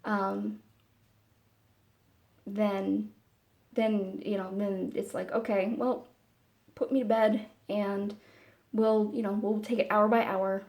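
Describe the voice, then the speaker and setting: A woman talking casually to camera in a personal vlog, meandering and halting, with many fillers and restarts. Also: medium pitch, little pitch movement. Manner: soft and candid. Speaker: vlogger.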